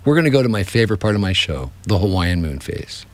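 A man hosting a radio show with upbeat, quick patter between segments. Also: low voice, very animated.

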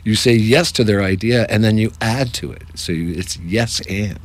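A man who runs improv workshops, talking in a casual, jokey interview with animated asides. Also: lowish voice, moderate pace. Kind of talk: casual radio-style interview.

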